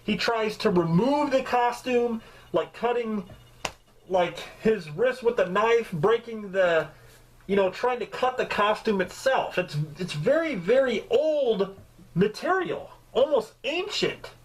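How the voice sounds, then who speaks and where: A man giving a casual, comedic movie review, talking in an animated way with rambling asides and free swearing. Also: high voice, slow, slight background noise, low-quality recording.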